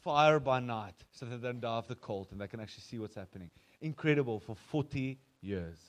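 A man's voice: medium pitch, animated, fairly quick. A man with a South African accent preaching a sermon as pastor, telling the story conversationally and acting out quoted voices.

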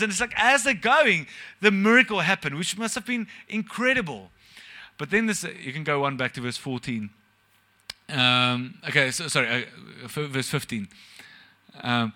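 A man's voice: a little high, sharp tone. A young man, preaching a sermon at a church service in a casual, joking way and asking the congregation questions. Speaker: pastor.

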